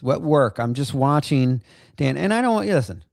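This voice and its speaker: A man's voice: mid-range voice, lively intonation, normal speed, darkish tone, dry recording, clean studio sound. A man hosting a casual livestream, rambling with many fillers and bursts of laughter. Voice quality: gravelly, creaky. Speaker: livestream host.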